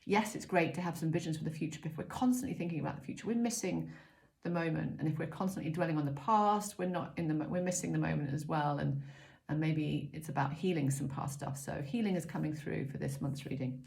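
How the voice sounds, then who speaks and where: Talking quickly in a low, gravelly voice, an oracle card reader gives casual spiritual guidance. She's gentle and chatty, uses lots of ums, and makes self-mocking asides.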